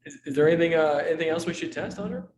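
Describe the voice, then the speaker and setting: A man leading a team meeting, asking relaxed questions about how an app feature should work. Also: on the high side, rapid-fire, a little hiss or hum. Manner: relaxed, asks questions, laughs easily. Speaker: meeting lead. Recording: echoey room.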